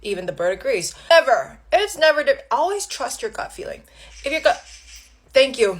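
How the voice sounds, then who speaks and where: A woman venting to camera, frustrated and swearing, swinging between loud and soft. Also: high-pitched, big pitch swings, normal speed, slightly rough.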